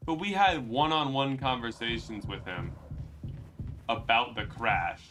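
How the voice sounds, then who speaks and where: A man giving loose, excitable commentary as he plays a story game, swearing freely and reacting out loud. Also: medium pitch, a little slow, over music. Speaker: gaming streamer. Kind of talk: casual let's-play commentary.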